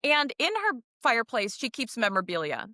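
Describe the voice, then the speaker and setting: A woman's voice: a little high, sing-song, brisk, bright, forceful tone, no room sound, clean studio sound. A woman co-hosting a podcast from home, recapping a film in casual chat and acting out the characters' lines with frequent laughter. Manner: recaps the plot, acting out quotes, laughs often. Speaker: podcast co-host.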